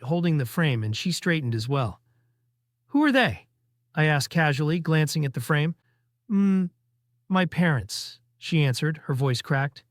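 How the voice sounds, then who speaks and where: A man reading a first-person story aloud, delivering teasing dialogue briskly. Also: fairly high pitch, no room sound, studio quality.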